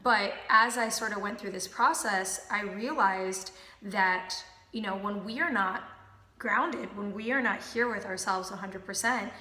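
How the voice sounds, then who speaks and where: A woman practitioner co-hosting a casual spiritual chat, calm and explanatory with many ums. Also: mid-range voice, unhurried. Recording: roomy echoey room.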